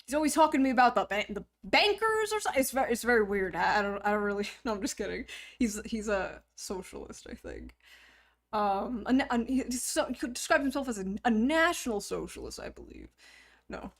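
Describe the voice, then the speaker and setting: A woman's voice: fairly high pitch, lively intonation, a little fast. A young woman streamer chatting casually to her viewers, joking, rambling and poking fun at herself. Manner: joking, rambling, self-mocking. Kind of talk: casual live-stream chat.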